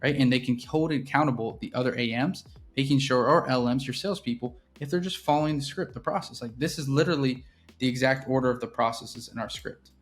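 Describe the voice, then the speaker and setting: A man's voice: mid-range voice, fast, faint music behind. A man walking through his sales process in a casual teaching style, keeps checking in with "right?". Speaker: real estate business owner teaching sales. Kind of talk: casual instructional walkthrough.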